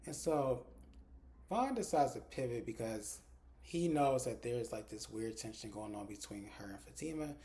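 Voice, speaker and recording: A man's voice: medium pitch, expressive, moderate pace, dark tone. A man in a casual recap vlog who retells scenes with lots of "like" and swears freely. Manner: chatty, retells dialogue with lots of "like". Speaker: TV episode reviewer.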